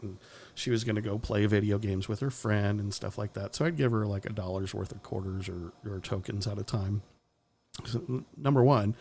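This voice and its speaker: A man's voice: fairly low pitch, a little mellow, slight background noise. A man hosting a podcast, giving blunt, profane opinions in casual talk and chuckling often. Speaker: podcast host.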